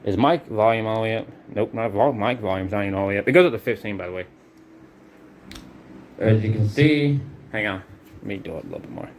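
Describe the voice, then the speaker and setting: A man's voice: on the low side, animated, quick pace, long pauses, a little hiss or hum. A man giving a casual product review demo, talking loosely and correcting himself as he thinks aloud.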